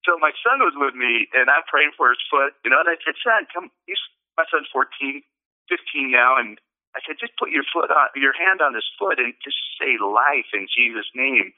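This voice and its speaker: A man's voice: medium pitch, expressive, normal speed. A man calling in to share a personal story in casual, rambling talk, full of fillers and restarts. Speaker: caller sharing a testimony. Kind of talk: casual storytelling on a call-in show. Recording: tinny phone line.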